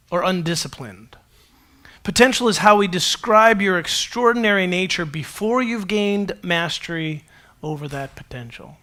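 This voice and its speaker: A man preaching a sermon to a congregation as their pastor, conversational and animated, with self-deprecating humor. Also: high-pitched.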